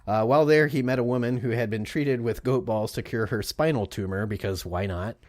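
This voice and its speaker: On a podcast, a man co-hosts a laid-back, funny chat about an odd historical tale, cursing, cracking jokes and laughing a lot. His voice sits at medium pitch and runs a little fast, captured in studio quality without echo.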